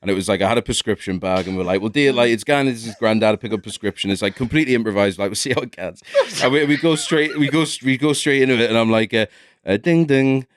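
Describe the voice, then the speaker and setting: A man's voice: lowish voice, quick pace. A man, a podcast guest who recalls an improvised sketch in a rambling, laughing way. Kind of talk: casual chat.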